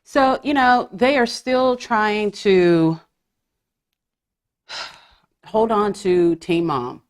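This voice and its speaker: A woman's voice: mid-range voice, drawn-out words. A woman hosting a podcast, chatting casually with swearing and gossipy humor. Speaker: podcast host. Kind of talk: casual chat.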